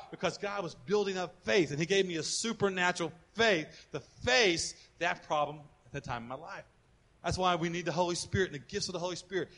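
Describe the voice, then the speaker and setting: A man preaching a sermon as pastor. He is animated, repeats words as he builds a point, calls on the congregation to answer, and goes hushed for personal stories. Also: high voice.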